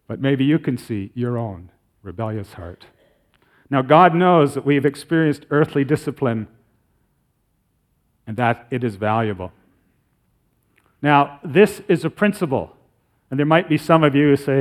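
A middle-aged man preaching to his congregation in an earnest, conversational sermon. He slows right down when he reads scripture aloud. His pitch sits in an ordinary middle range. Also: lively intonation. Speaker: pastor.

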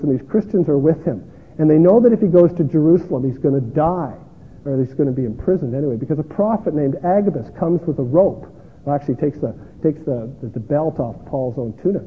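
Delivering a sermon, a male pastor comes across earnest and self-deprecating, often starting his sentences over. He speaks in a fairly high voice. The tinny, lo-fi audio has a little hiss or hum and a long-echoing hall sound.

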